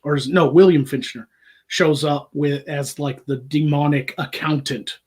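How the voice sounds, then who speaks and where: A man with a somewhat raised voice and a husky edge hosts a rowdy, crude chat show. He laughs often and drops into mock Southern accents for his bits. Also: a little high, fairly even intonation, a little slow, darkish tone. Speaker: podcast host. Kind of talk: casual comedic chat.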